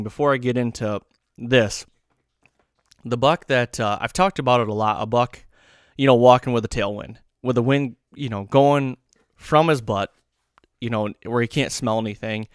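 A man's voice: medium pitch, clean tone, dry recording, clean studio sound. A man hosting a podcast, telling a long story casually in a rambling, self-correcting, folksy way. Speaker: podcast host.

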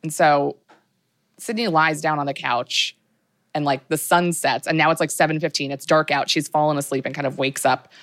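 A woman's voice: sits low, fairly even intonation, moderate pace, a bit bright. A woman co-hosting a podcast, recapping a movie in a casual, chatty way with lots of fillers. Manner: chatty, filler-heavy, laughs often. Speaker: podcast co-host.

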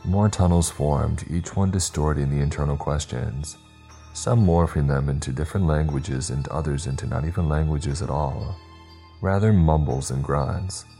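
A man's voice: rumbling low, normal speed, dark tone, soft background music. A man reading a scripted first-person horror story with dramatic, tense storytelling. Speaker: narrator.

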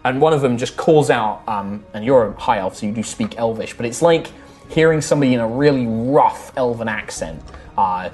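A man narrating as game master in a relaxed, rambling way with many fillers. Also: mid-range voice, normal speed. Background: faint music.

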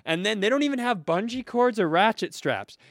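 A man on a comedy podcast telling a long story casually, animated and profane, laughing at his own punchlines. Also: high-pitched, fairly quick, no room sound, clean studio sound. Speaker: podcast co-host.

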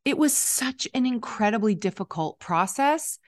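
A middle-aged woman hosting a casual conversation, relaxed and reflective, with a somewhat nasal voice. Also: fairly high pitch, normal speed, dry recording, clean studio sound. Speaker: host.

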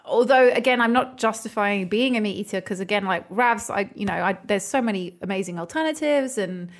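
A young woman co-hosts a podcast in casual chat, laughing often and swearing freely. Her voice is medium in pitch and brisk.

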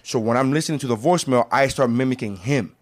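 A man in casual podcast conversation, emphatic and profane, who builds his points through examples. His voice is mid-pitched and unremarkable in tone. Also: quick pace.

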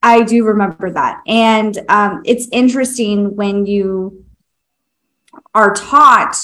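A woman's voice: medium pitch, takes it slowly, a bit bright. Blunt, outspoken woman in casual chat. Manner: blunt, outspoken, swears freely, self-mocking. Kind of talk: casual conversation.

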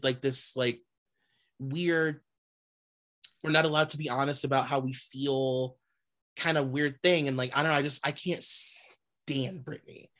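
A woman co-hosting a podcast in casual chat, ranting bluntly with lots of swearing. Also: extremely low pitch. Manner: blunt, sweary, animated rants with laughs. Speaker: podcast co-host.

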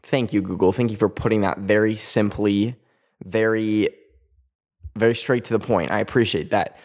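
Rambling young Canadian podcast host. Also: male voice, lowish voice, fairly even intonation, moderate pace, a little mellow. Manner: rambling, chatty, self-mocking, easily sidetracked. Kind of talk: casual solo podcast chat.

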